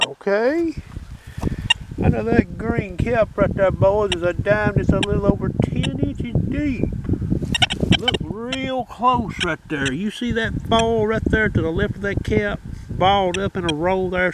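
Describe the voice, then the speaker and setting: A man with a Southern US drawl talks his viewers through a metal detector test outdoors, his voice sitting high and moving up and down a lot. His talk is folksy and chatty, full of "okay?" and "boys." Loud background noise runs under the recording. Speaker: metal detecting channel host. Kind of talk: casual demonstration talk. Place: outdoors at a dig site. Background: detector tones and noise.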